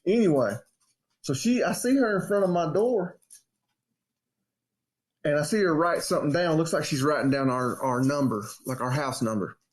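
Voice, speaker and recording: Animated man telling a story. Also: normal speed, pauses often. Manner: animated storyteller, acts out quotes in a high voice. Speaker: podcast co-host. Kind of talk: casual storytelling chat.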